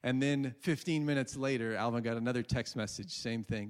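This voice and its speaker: A man's voice: medium pitch, moderate pace, hardly any pauses. A man preaching a sermon, earnestly retelling a story with quoted dialogue. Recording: long hall reverb.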